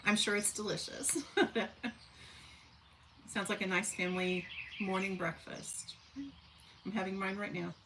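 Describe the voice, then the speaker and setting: Folksy missouri lady in her 40s chatting on a livestream, mid pitch, bit of faint noise. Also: fairly even intonation, takes it slowly, pauses often. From southern Missouri. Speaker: livestream host. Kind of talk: casual live chat reading comments.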